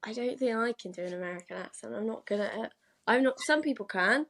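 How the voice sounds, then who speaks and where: A woman's voice: a little high, fast talker, vocal fry, fairly bright tone. A woman from the UK, a podcast guest, talking in a chatty, giggly way with many fillers. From United Kingdom. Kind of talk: casual podcast conversation.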